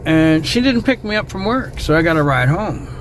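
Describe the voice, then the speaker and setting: A middle-aged man telling a true personal story in a casual, rambling way, getting emotional and trailing off into quiet asides. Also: fairly high pitch, sing-song, moderate pace, slight background noise.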